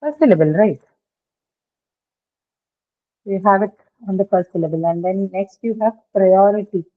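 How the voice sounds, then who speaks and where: A woman teaches an English class on word stress, explaining patiently and checking in with her students. Her voice is medium-pitched at a moderate pace, and the classroom audio is lo-fi, like a phone recording.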